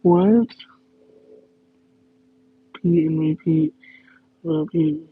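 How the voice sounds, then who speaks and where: A man's voice: on the high side, drawn-out words, breathy edge, phone-quality sound. A man chatting casually on a live question-and-answer stream, rambling, stopping to correct himself and laughing in disbelief.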